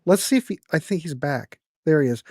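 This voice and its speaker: A man's voice: on the high side, lively intonation, fairly quick, a little mellow, no room sound, studio quality. A man hosting a casual online music podcast over a video call, talking in a laid-back, wry way. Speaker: host.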